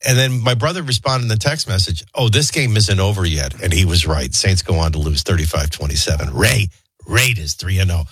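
A man hosting a talk show, rambling through childhood anecdotes and a quick sports rundown. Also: deep voice, expressive, husky, no echo. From New Orleans area. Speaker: talk radio host. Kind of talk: casual storytelling and sports rundown.

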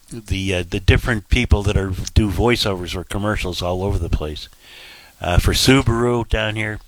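A man's voice: lowish voice, a bit bright, dry recording. A man hosting a casual talk radio show, rambling through fillers and asides at a studio microphone.

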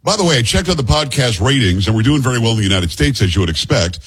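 Fast-talking husky male radio host. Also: mid-range voice, big pitch swings. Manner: jokey, rambling, teasing banter. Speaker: radio talk show host. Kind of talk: casual radio talk and banter. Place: radio studio. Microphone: studio microphone.

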